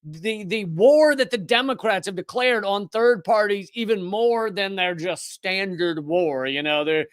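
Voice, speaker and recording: Sarcastic high-voiced male commentary host. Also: no echo. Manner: sarcastic, rapid-fire, with frequent restarts. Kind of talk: live news commentary monologue.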